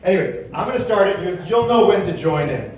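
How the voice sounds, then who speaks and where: A man's voice: high-pitched, animated, fast, slight background noise. A man giving a joking tribute speech to a friend at a memorial gathering. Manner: joking, sings a Yiddish-laced parody. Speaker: eulogy speaker. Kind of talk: comic tribute speech with singing. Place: memorial gathering in a large room. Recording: echoey hall from far off.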